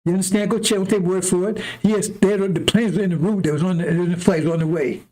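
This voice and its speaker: A man delivering an impassioned sermon with a delivery. His voice sits a little high for a man, and he repeats himself for emphasis and breaks into short laughs. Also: steady tone, fast, a little mellow. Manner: repetitive, emphatic, chuckling asides. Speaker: preacher. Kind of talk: impassioned street-style sermon.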